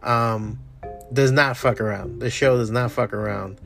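A man chatting casually and enthusiastically about shows and comics, swearing often and trailing off into quieter mumbles. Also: medium pitch, unhurried, vocal fry, soft background music. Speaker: comic artist streamer. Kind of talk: casual rambling chat.

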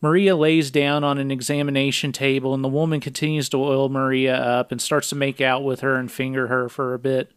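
A man co-hosting a casual podcast, recounting film scenes in a flat, matter-of-fact play-by-play. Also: mid-range voice, fairly quick, few pauses, clear, resonant tone, no echo, studio quality. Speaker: podcast co-host.

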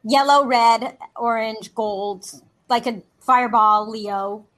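A woman chatting as a guest in a lively, playful, flirty way, joking as she talks. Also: on the high side, slow. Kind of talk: lively casual chat.

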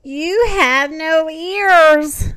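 A woman reading aloud and voicing a ponderous, know-it-all male elephant with a deliberate, pondering delivery. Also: high-pitched, fairly bright tone, no room sound, voice pushed up, heavily acted. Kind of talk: storybook read-aloud.

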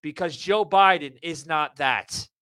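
Guy hosting a political show, kinda high voice, swearing and stuttering, totally dry sound. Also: a little slow, bright, forceful tone, smooth, dry recording. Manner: swears a lot, stammering restarts, gets fired up. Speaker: podcast host. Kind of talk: heated political talk-show rant. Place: live audio room broadcast.

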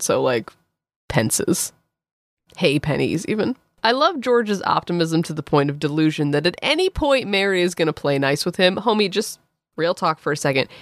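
A wry, sarcastic woman co-hosting a comedy chat, her voice a little lower than most women's. Her pitch is lively and swoops around, in a dry, close recording. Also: dry recording. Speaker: podcast co-host.

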